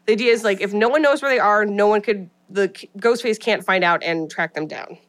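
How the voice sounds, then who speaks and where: A woman's voice: medium pitch, a little fast. A woman co-hosting a podcast, casually retelling a movie plot and acting out the characters' lines, with lots of "like". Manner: chatty retelling with quoted voices, many "like" fillers. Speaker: podcast co-host. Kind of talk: casual movie recap chat.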